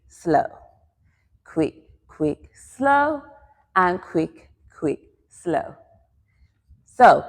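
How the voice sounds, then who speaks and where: A woman's voice: medium pitch, long reverb tail. A woman teaching a dance lesson step by step, counting the beats aloud as she demonstrates the moves. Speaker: dance instructor.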